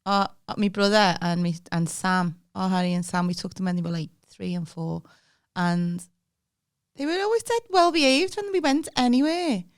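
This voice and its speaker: A woman's voice: medium pitch, animated. A woman co-hosting a podcast, chatty and exclaiming in casual banter. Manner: chatty, exclaiming, quick to laugh. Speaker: podcast co-host. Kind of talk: casual chat.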